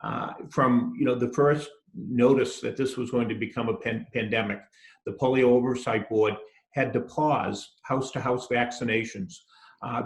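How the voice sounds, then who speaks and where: A man who chairs a committee gives an update on a livestream, speaking in a measured way with hesitations. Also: medium pitch, reverberant.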